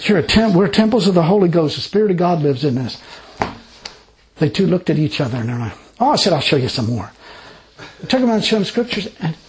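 On a rough recording, a man with a fairly high voice delivers an informal sermon, telling personal stories in a folksy, rambling, animated way punctuated by laughs.

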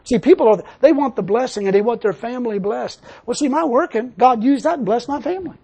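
A man's voice: very high voice, fast, vocal fry, mellow, husky. An older man preaching a sermon, telling a personal story and then building into emphatic preaching. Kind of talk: sermon testimony.

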